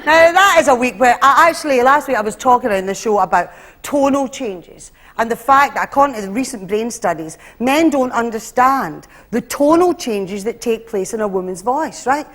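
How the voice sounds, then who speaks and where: A Scottish woman performing live stand-up comedy, animated and acting out voices as she tells her routine. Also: a little high, normal speed. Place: stage before a live audience. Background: audience laughter.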